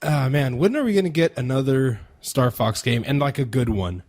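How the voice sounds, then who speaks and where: Lively, self-mocking male podcast guest. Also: medium pitch, normal speed. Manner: self-mocking, stammers when flustered. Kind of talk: casual podcast banter.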